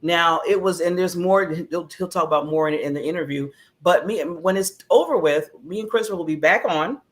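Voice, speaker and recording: A woman's voice: fairly low pitch, a little fast. A woman co-hosting a talk show, chatting casually, acting out quotes and laughing often. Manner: animated storytelling, acts out quotes, laughs often. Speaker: co-host. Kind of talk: casual chat.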